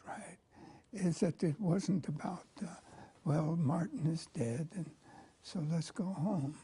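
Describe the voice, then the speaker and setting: An older man speaks slowly in a breathy, almost whispered voice with a very dark tone. He halts often and fills pauses with drawn-out sounds as he reflects. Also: on the high side. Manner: hushed, halting, many fillers. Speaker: interviewee recalling events. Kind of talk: spoken recollection.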